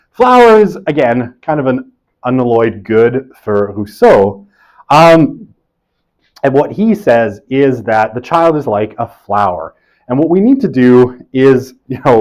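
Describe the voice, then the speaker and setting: A man in his forties gives a conversational university lecture in a classroom, often checking in with "right?" and adding self-deprecating jokes. His voice is medium-pitched and a little mellow, and the recording is low quality.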